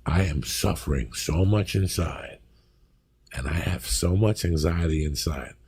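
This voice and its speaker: Gravelly man telling wild stories. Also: sits low, a little slow, no room sound. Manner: gravelly, animated, profane. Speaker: comedian telling stories on a podcast. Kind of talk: profane storytelling.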